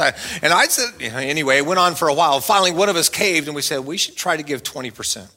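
A middle-aged man, a pastor, preaching a sermon. He swings between loud, playful stretches and quiet, earnest asides. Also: a little high, animated, fast talker, hardly any pauses.

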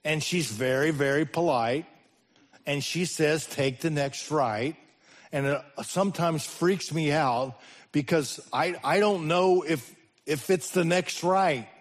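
Slow, fairly high-voiced male preacher. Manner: preaching with sudden loud rises and slow, hushed drops. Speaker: pastor. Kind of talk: sermon.

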